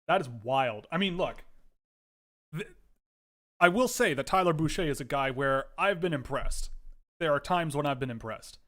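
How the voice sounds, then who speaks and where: A man hosting a casual livestream from home, giving rambling, animated commentary with frequent restarts. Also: medium pitch, a little slow. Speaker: livestream host.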